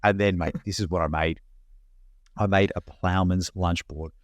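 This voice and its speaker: A man co-hosting a podcast, telling an animated story in casual, slangy chat. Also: low-pitched, normal speed, no room sound, studio quality. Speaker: podcast co-host.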